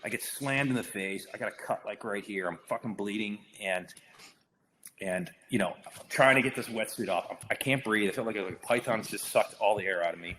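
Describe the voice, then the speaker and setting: A man's voice: lowish voice, fairly quick, a bit bright. A male actor, a guest on a podcast, telling a story in casual, profane talk full of restarts. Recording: long reverb hall with faint noise.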